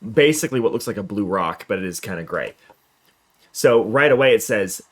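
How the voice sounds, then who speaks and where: Animated low-voiced gaming streamer man. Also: moderate pace. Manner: chatty, animated, self-mocking. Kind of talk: let's play commentary.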